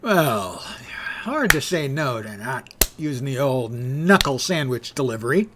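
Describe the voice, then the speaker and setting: Male game streamer, mid-pitched voice, jokey self-deprecating commentary, faint background noise. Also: very animated, unhurried. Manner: joking, self-deprecating asides; reads mission text aloud. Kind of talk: live gameplay commentary.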